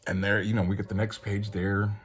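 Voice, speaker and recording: A man's voice: on the low side, completely flat delivery, a little fast, husky. A man casually reviewing a comic book, rambling with lots of fillers and frequent chuckles. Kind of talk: casual commentary.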